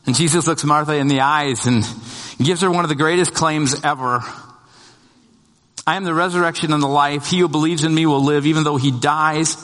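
A man's voice: steady tone, a little fast, fairly bright tone. A male pastor preaching a sermon in a conversational, storytelling way, voicing the lines of the people in the story and building to emphatic peaks. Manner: conversational storytelling, restarts, voices the disciples' lines; rises in pitch and volume to emphatic peaks. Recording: long hall reverb.

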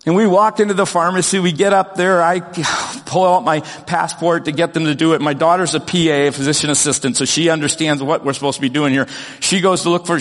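A middle-aged man preaching a sermon, telling a personal story in an earnest, animated way with frequent restarts. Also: on the high side, in a large hall. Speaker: pastor.

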